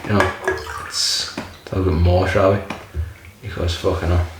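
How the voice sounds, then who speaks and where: A man's voice: low voice, little pitch movement, measured pace, noisy background. A man casually reviewing a beer in a rambling, jokey way, swearing often. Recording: very echoey room.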